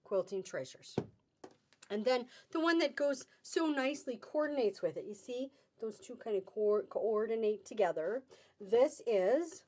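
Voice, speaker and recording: A woman's voice: medium pitch, warm tone. A middle-aged woman hosting a live fabric sale on webcam, chatty and upbeat with sing-song exclamations. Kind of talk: live-stream selling chat.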